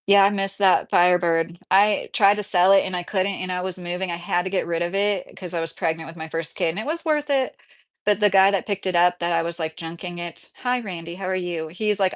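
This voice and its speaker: A woman in her late thirties hosts a casual livestream from inside her mobile home, speaking briskly in a fairly low pitch. She chats and reads viewer comments aloud, often breaking into laughter.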